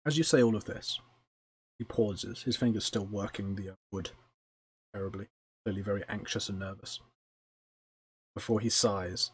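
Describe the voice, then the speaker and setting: A man narrating a tabletop game as game master, descriptive and unhurried, with frequent ums and uhs. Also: on the low side, fairly even intonation, breathy edge.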